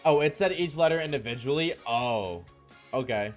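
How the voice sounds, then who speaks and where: A man's voice: medium pitch, lively intonation, moderate pace, faint music behind. A man streaming live, chatting casually and joking with his viewers, often laughing.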